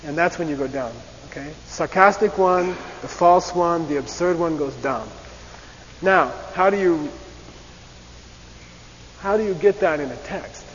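A man lecturing to a class in a raised voice that keeps checking in with the room. His voice sits a bit high and trails off into a long hall reverb. The recording is dull and lo-fi, with a faint hiss underneath. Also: unhurried, long pauses. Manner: animated, repeats "okay?" and acts out debate voices. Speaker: teacher.

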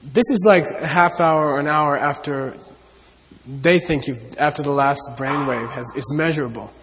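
A man's voice: on the high side, moderate pace, long reverb tail, background noise. A man giving an earnest spiritual talk to an audience, repeating his points and often saying "you know.". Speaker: Buddhist teacher.

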